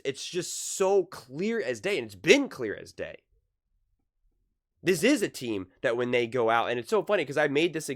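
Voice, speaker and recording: A man in a casual sports opinion monologue, animated, repeating himself and firing off rhetorical questions. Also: a little high. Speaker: sports commentator.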